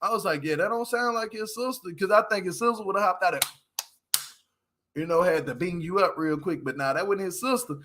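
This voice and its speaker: A man hosting a casual reality TV recap vlog, talking in slang with animated energy and frequent laughter. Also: sits high, brisk.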